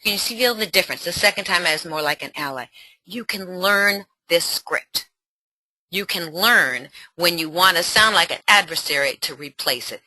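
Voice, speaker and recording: A middle-aged woman teaching a parenting webinar as a coach, in an animated and encouraging way. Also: on the low side, dry recording.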